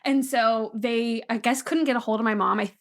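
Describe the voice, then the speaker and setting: A woman co-hosting a podcast, telling a family story in casual chat. Her voice has a gravelly, fry-tinged edge, and she laughs often between filler-filled sentences. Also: on the high side, steady tone, moderate pace. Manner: chatty, laughing, lots of fillers. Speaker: podcast co-host. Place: apartment room.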